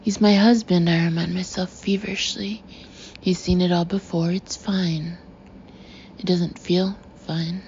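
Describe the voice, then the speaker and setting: A woman narrating a first-person novel in a wry, chatty inner voice. Her tone is mellow and on the dark side. The recording is slightly muffled, with a faint hiss behind it. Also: lowish voice, steady tone, measured pace. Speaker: audiobook narrator.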